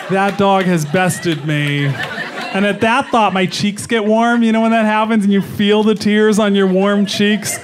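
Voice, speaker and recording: A middle-aged man performing a stand-up comedy set, telling animated stories with chuckles on a club stage mic. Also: high voice, moderate pace, slight background noise. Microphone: stage microphone.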